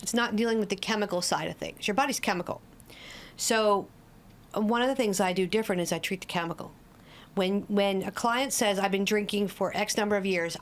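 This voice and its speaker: Woman guest, 40s, addiction coach; direct, practical, walks through everyday scenarios. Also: mid-range voice. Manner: direct, no-nonsense, explains with everyday examples. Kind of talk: podcast interview.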